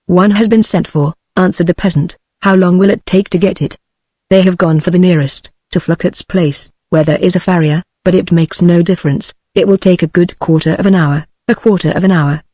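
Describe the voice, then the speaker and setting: A text-to-speech voice of a woman with a British English accent, reading a classic novel aloud in an even, mechanical way. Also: fairly low pitch, dry recording. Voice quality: even, mechanical delivery that reads punctuation aloud. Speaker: narrator. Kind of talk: synthetic audiobook reading.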